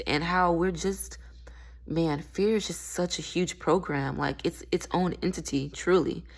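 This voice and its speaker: A young woman with a fairly low-pitched voice talks in a loose, rambling vlog style. She laughs often and drifts between stories and spiritual reflection. The delivery is casual and conversational. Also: gravelly. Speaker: spiritual vlogger. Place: at a pool.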